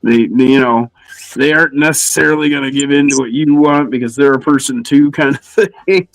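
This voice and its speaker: A man's voice: fairly quick, no room sound, low-quality recording. Laid-back swearing male streamer. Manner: laid-back, swearing, acts out quotes in a high voice. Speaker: co-host. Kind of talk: casual livestream chat.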